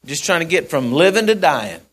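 A man preaching a sermon in a folksy storytelling way, acting out the characters and repeating phrases, swinging from loud to soft. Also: fairly high pitch, sing-song, brisk.

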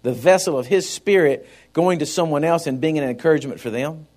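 Delivering his sermon, this pastor has a darkish tone and a voice on the high side, speaking fairly quickly. He calls out to the congregation and voices the characters in his stories.

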